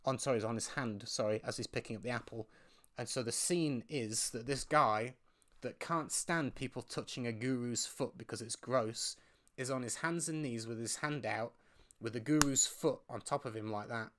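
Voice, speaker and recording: A man's voice: medium pitch, moderate pace, fairly bright tone. A man hosting a live question-and-answer stream, telling stories in a casual, rambling way with frequent restarts. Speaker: host.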